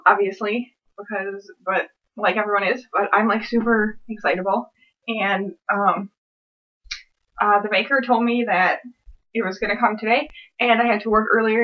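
A woman's voice: mid-range voice, lo-fi sound. A young woman vlogging an unboxing at home, gushing and giddy, with lots of filler words. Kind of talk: excited unboxing vlog.

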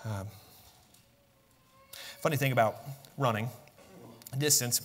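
A man preaching a sermon as pastor, swinging from soft, low musing to loud, high emphatic bursts. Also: slow, big-room sound. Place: church sanctuary.

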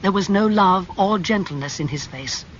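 A man narrating a classic novel as an audiobook, in a clear, measured storytelling manner. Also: high-pitched, a bit bright. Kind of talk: audiobook reading of a graded classic. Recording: slightly muffled with faint hum.

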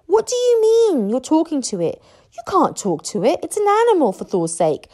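A woman's voice: high voice, wildly swooping pitch, normal speed, a little mellow, voice pushed up, heavily acted. A woman voicing an anxious, fussy Viking boy who keeps exclaiming in disbelief in a storybook reading. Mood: astonished. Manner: incredulous, exclaiming.

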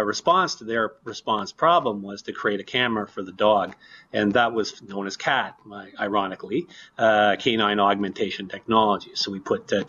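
A man explaining his research in a lab during an interview, relaxed, with lots of fillers. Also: on the low side, slightly rough, highs cut off.

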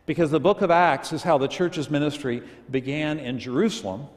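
A man's voice: on the high side, fairly even intonation, a little fast. Folksy male pastor, echoey sanctuary. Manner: folksy humorous storytelling; leads congregation in reading aloud. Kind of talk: sermon. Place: church sanctuary. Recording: echoey church hall.

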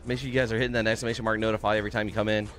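A young man streams a game, chatting in a casual, upbeat way, greeting viewers by name and swearing now and then. His voice is lowish and racing, with a flat delivery and a bit of brightness, over soft background music.

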